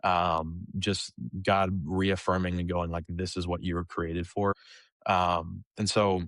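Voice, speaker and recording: A young man in his twenties, a kids ministry leader, telling a personal story in a casual, animated way and acting out the dialogue. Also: low voice, takes it slowly, no echo, clean studio sound. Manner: animated storyteller who acts out quoted dialogue; casual, with frequent fillers like "like" and "um". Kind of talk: conversational storytelling.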